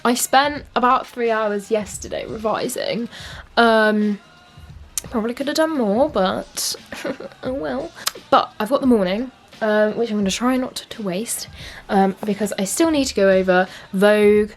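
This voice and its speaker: A young woman chats to the camera in a loose, rambling vlog style. She fills her talk with "like" and "um" and keeps an everyday, mid-range tone. Soft music plays faintly underneath her. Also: medium pitch, measured pace. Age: young adult. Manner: chatty, rambling, lots of "like" and "um". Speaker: vlogger. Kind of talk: casual vlog chat.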